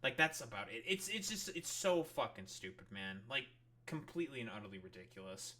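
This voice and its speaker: A man's voice: medium pitch, big pitch swings, brisk, sharp tone. A man streaming, ranting angrily with constant swearing while reacting to a political clip.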